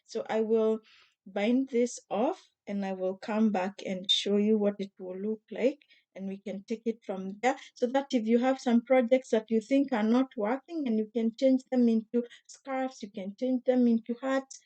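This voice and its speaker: Hoarse, mellow-voiced woman chatting about crafts. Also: mid-range voice. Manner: gentle, chatty, with frequent fillers and restarts. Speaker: crochet vlogger. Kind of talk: casual craft tutorial.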